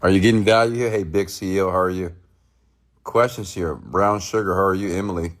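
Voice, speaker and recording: Blunt man ranting, low voice. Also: steady tone, fairly quick. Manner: blunt, preachy, keeps checking in with "okay?"; reads out viewer comments. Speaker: host. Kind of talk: live-stream rant to viewers.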